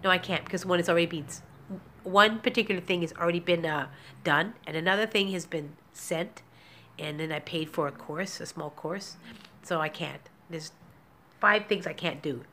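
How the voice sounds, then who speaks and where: A woman's voice: on the low side, normal speed, a bit bright, a little hiss or hum. A woman vlogging from her apartment in a rambling, candid way, emotional and close to tears, laughing nervously between thoughts. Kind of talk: emotional personal vlog. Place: small apartment indoors.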